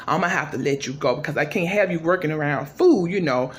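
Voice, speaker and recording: A woman putting on the voice of a calm, plain-spoken male restaurant manager who talks low, quiet and matter-of-fact. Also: a little fast.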